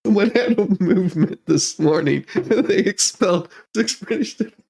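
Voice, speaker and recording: A man's voice: sits high, animated, normal speed, gravelly, darkish tone, slightly rough. A man hosting a comedic news show, reading headlines and repeatedly breaking into laughter. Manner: giggly, keeps breaking into laughter while reading. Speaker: host.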